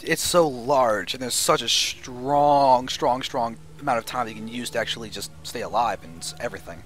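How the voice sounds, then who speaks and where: A man casting a strategy game match with analytical play-by-play commentary, getting excited at big plays. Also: medium pitch, moderate pace, a little hiss or hum. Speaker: esports caster.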